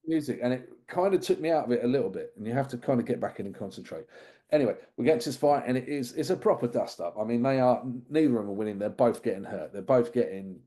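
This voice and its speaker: In a loose film-review conversation, this male podcast co-host recounts the movie with rambling, amused tangents. He talks fast and animatedly, his medium-pitched voice carrying a dark tone.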